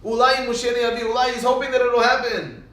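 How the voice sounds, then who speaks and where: High-voiced man teaching in an echoey hall. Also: quick pace. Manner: animated, swings into sudden emphatic rises. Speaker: Torah teacher. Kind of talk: storytelling Torah lecture. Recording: very echoey room, mic far off.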